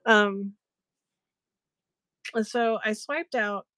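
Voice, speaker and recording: A woman's voice: medium pitch, very slow, no echo. A woman hosting a live craft stream, chatting and retelling a funny story to her viewers. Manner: chatty, giggly, animated retelling. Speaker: livestream seller host. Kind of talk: casual storytelling to live chat.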